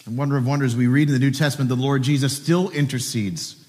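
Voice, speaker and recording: A male pastor preaching a sermon with animated storytelling and joking asides. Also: medium pitch, fast talker, big-room sound.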